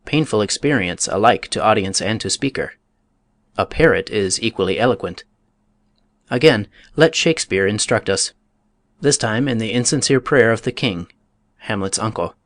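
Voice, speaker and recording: A man giving a dry, lowish audiobook reading. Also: expressive, moderate pace, fairly bright tone, no echo. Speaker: audiobook narrator. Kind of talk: steady scripted reading of a nonfiction book.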